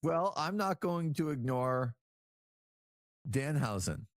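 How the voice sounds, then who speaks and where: A man co-hosting a casual podcast review, lively and incredulous in quick bursts. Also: fairly high pitch, no echo, studio quality. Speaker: podcast co-host.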